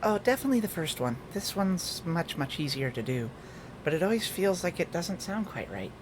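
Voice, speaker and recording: Lively, higher-pitched male streamer. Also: normal speed, noisy background. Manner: rambling, self-correcting, experimenting with voices. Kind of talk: casual stream chat.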